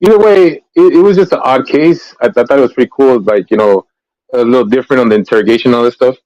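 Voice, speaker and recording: This man's mid-range voice moves at a quick pace, and the recording is dry and lo-fi. Hosting a casual livestream, he rambles about true-crime cases, full of fillers and restarts.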